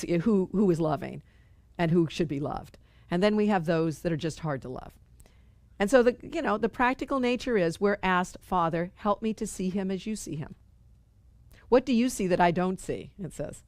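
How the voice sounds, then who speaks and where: A woman's voice: on the low side, a little mellow, dry recording. A middle-aged woman leading a spiritual study group, talking earnestly and conversationally and repeating phrases for emphasis. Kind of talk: spiritual teaching talk.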